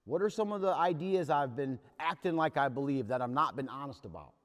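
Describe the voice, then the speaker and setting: A man with a mid-range voice speaks in an animated, fairly quick way as he leads a recovery workshop, earnestly and plainly telling the group his own story. The sound echoes with long hall reverb.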